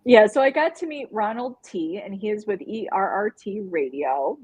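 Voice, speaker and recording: A woman co-hosts a casual live-stream chat, her voice soft and breathy. She talks in a lively, rambling way and breaks into laughter often. Her pitch sits in an ordinary middle range. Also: normal speed, rough recording. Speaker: co-host.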